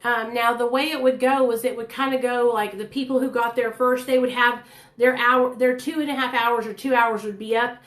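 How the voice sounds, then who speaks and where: A woman's voice: a little high, fairly even intonation, normal speed. A woman telling her own story to her viewers in a candid, blunt, chatty way. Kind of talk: casual storytelling to camera. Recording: echoey room.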